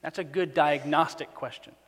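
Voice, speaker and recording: A man preaching a sermon as pastor, dropping to near-hushed asides and rising to loud, emphatic, repeated phrases. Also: on the high side, fairly even intonation, normal speed, in a large hall.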